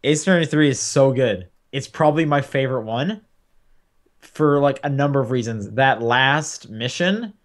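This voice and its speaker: A man's voice: medium pitch, normal speed. Chatty young man rambling about games. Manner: rambling, many fillers and restarts. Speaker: podcast co-host. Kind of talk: casual game chat.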